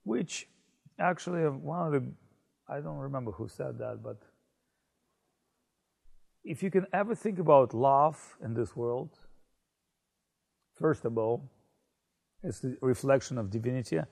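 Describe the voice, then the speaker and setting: A man telling a story in a casual conversation, animated and full of fillers. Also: mid-range voice, a little slow, creaky, long pauses, husky. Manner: animated, many fillers and restarts, laughs. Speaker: spiritual speaker.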